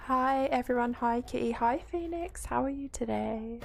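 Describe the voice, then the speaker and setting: A woman's voice: on the high side, lively intonation, moderate pace, gravelly, hardly any pauses. A young woman streaming a video game, chatting casually, swearing freely and reading out her chat.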